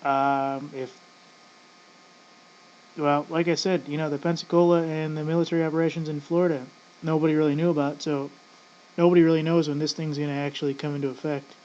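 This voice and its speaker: A man's voice: a little high, level tone, brisk, darkish tone. A man in casual ranting commentary, rambling and profane, often addressing "folks". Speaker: vlogger. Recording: dull lo-fi audio with faint noise.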